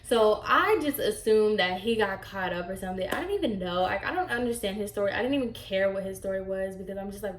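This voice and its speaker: A woman's voice: medium pitch, fast talker, few pauses. Sassy young woman telling a story. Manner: animated, sassy retelling with frequent fillers. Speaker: vlogger. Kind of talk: casual storytime. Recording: echoey room.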